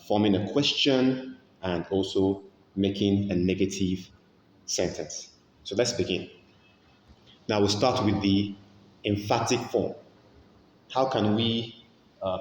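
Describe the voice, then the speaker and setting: A man teaching an English grammar lesson in an unhurried, deliberate way, going over every example again and again. His voice sits a little low. The recording is roomy, with a long reverb tail and faint ambience behind it. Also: darkish tone, slight background noise. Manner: slow, patient, repeats each example.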